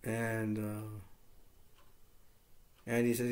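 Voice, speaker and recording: A man with a gravelly, fry-tinged voice of middling pitch talks through a movie review in a loose, casual way. He rambles and leans on fillers as he retells scenes, and he turns eager when he praises something. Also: little pitch movement, unhurried, long pauses.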